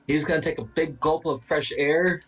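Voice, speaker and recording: A man playing a tabletop game in an unhurried way, sometimes stumbling over his words. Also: on the high side, husky, poor audio. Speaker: player.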